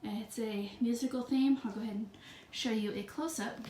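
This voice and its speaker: A vlogger films her bedroom on a handheld phone, chatting to her viewers in a bubbly, jokey way while out of breath. Her voice is on the high side and dark in tone, steady, at a moderate pace. The room is echoey, with faint ambient noise.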